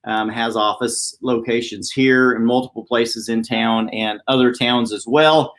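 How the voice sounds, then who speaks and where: Man host, quick chatty motivational live-stream talk, mid-pitched, office setting. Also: fairly even intonation, a bit bright, a little hiss or hum. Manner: fast-talking, upbeat, chatty. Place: downtown office.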